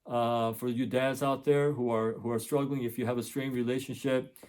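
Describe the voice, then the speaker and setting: A man's voice: medium pitch, flat delivery, moderate pace, a little mellow. A middle-aged man, a tutor hosting his channel, telling a story in a casual monologue and earnestly repeating his points for emphasis. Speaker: tutor and education channel host.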